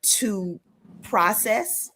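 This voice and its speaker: A woman in her thirties, a comedian guest telling lively stories in casual panel chat, acting out her children. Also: mid-range voice, drawn-out words. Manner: animated storyteller acting out her kids.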